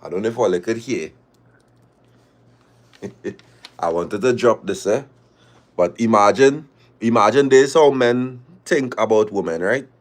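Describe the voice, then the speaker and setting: A man hosting a livestream in casual, slangy banter, reacting in an animated way and calling listeners dog and boy. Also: fairly low pitch, unhurried, pauses often. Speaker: livestream host.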